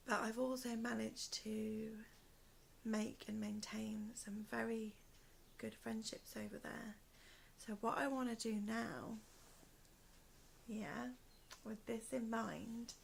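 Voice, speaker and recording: A British woman hosts a podcast from one room at home, chatting casually to camera in a soft, gravelly voice that's a little high and often fades to a whisper. She's in pain and hoarse from asthma, speaking slowly, with faint room noise.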